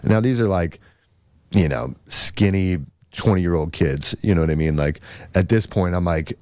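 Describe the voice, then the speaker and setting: A man's voice: low voice, normal speed, darkish tone, no room sound. A man hosting a podcast, telling a story casually with lots of fillers into a close mic. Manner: rambling, lots of fillers and restarts. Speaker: podcast host.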